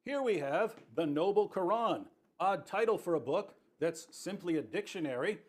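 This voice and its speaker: A man's voice: sits high, lively intonation, moderate pace. A man in a played clip who explains an argument with emphatic repetition. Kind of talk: argumentative presentation.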